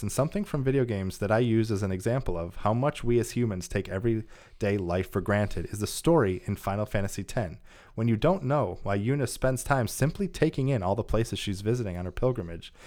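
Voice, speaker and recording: Lively low-voiced man, giggly podcast host. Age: adult father of a young child. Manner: giggly, reads listener mail aloud. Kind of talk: casual gaming podcast chat.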